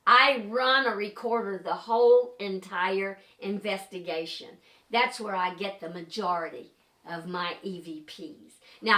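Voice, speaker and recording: An older woman with a bright, forceful voice tells a story in a chatty way. She fills her talk with ums and uhs. The sound is roomy and echoey. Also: medium pitch. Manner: chatty, lively storyteller with many fillers. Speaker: paranormal investigator. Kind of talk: casual storytelling to camera.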